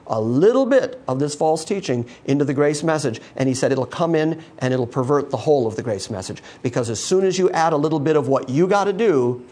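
A man preaching a sermon, emphatic and repetitive, swinging from loud bursts down to quiet, low lines. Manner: emphatic, repeating words for stress.

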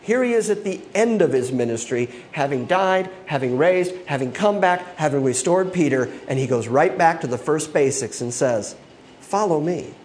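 A man's voice: fairly high pitch, expressive, moderate pace, few pauses, darkish tone, a little hiss or hum. A male pastor preaching an expository sermon, acting out quoted voices and laughing often.

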